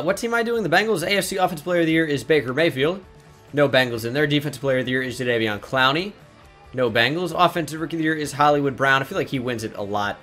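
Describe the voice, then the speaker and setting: A man's voice: mid-range voice, a bit bright. A young man giving casual commentary over a sports video game, blunt and exasperated, swearing freely. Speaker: gaming YouTuber.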